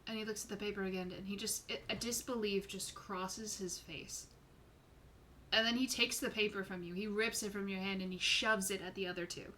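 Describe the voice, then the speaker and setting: Bright-voiced woman game master. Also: mid-range voice, steady tone, fairly quick, slight background noise. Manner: descriptive, informal, swears casually. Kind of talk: narrating a tabletop game online.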